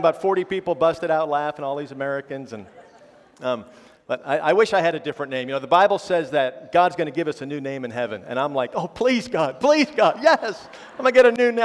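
Middle-aged guy preaching casually, self-deprecating, keeps asking "right?", voice a bit high, long hall echo. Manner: chatty, often adds a questioning "right?". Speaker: pastor. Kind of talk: conversational sermon with personal stories. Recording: long reverb of a large hall.

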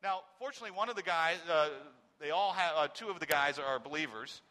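A man in his forties tells a personal testimony in a bright, forceful voice that sits a little high for a man. He moves from loud, stressed words to near-silent, halting phrases. A long reverb from a large hall hangs on every word. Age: 40s. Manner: swings between loud emphasis and very quiet, halting speech. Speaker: speaker giving a personal testimony.

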